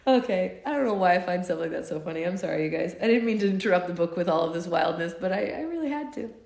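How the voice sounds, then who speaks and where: A woman's voice: lowish voice, fast, gravelly. Woman reading aloud in an echoey room. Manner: animated, giggly asides. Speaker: book club reader. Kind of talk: live read-aloud with chatty asides.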